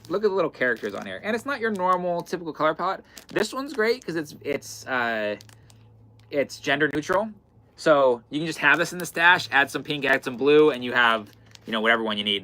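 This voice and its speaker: A man hosts a live-stream sale from an indoor fabric shop. His voice is bright and forward, and his talk is loose and chatty as he keeps calling out item numbers. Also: medium pitch, animated, brisk. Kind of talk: live-stream sales chat.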